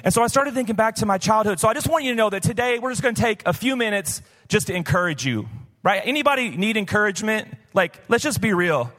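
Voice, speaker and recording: A man's voice: high-pitched, animated, fast, fairly bright tone, in a large hall. A man from the Missouri Boot Heel preaching a casual live sermon as pastor, candid and chatty with many "like" fillers. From Missouri Boot Heel, USA. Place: church auditorium, live.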